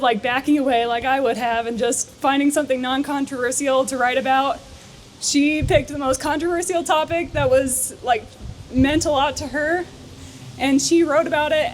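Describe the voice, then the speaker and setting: A woman's voice: high-pitched, a little hiss or hum, low-quality recording. A woman giving an earnest, emotional toast about the bride at a wedding reception, speaking into a handheld microphone.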